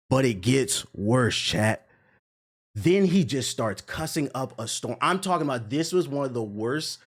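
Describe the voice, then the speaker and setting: A young man giving profane, emphatic commentary as a streamer reacting to a critic. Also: a little high. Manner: animated, profane, emphatic ranting.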